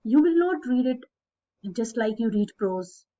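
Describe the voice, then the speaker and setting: A woman teaching a poetry lesson at a slow, deliberate pace. Her fairly high voice stresses syllables aloud as she addresses her students directly and repeats key points. The recording is dull and lo-fi. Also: lively intonation, warm tone. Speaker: college English literature teacher. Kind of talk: recorded classroom lecture.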